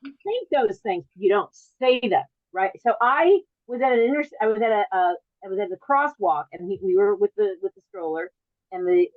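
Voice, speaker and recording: A woman's voice: mid-range voice, lively intonation, moderate pace, dry recording, phone-quality sound. Rambling woman comic on a video call. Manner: rambling, self-interrupting, punchy. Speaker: comedian telling a story. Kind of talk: storytelling stand-up on a video call.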